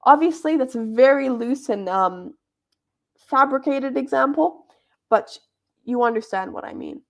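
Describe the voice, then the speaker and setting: Gravelly-voiced young woman teaching debate. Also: high-pitched, animated, unhurried. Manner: chatty, informal teaching with fillers. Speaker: debate club workshop leader. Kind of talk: explaining debate judging criteria.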